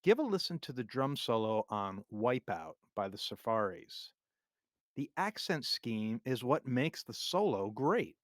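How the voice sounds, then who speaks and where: A man teaching music theory for drummers in a scripted, measured, clearly explained lesson narration. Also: mid-range voice, sing-song, no room sound, clean studio sound. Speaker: drum teacher.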